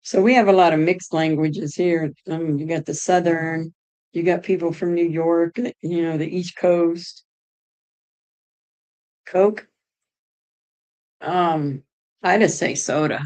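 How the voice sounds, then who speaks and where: Middle-aged woman from Ohio, casual streamer, rambling chat, low-pitched. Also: fairly even intonation, takes it slowly, pauses often, darkish tone, low-quality recording. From Ohio, United States. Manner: chatty, rambling, answers chat aloud. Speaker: streamer chatting with viewers.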